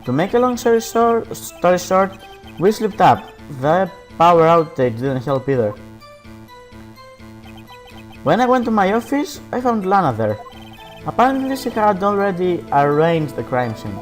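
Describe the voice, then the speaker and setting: A man's voice: high voice, very animated, moderate pace. A man voicing a boisterous, smug older police chief from a game with a jovial, mocking manner. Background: background game music.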